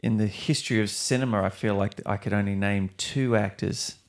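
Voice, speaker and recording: In a brisk, lowish voice with fairly steady intonation, a young actor chats casually as a podcast guest. The interview talk rambles, with lots of restarts and mild swearing.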